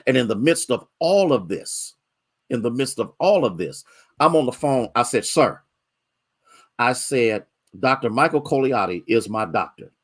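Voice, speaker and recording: A man preaching a sermon as pastor, moving from rising, drawn-out exhortations to low, quick storytelling and greeting members of the congregation by name. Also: animated. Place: church sanctuary.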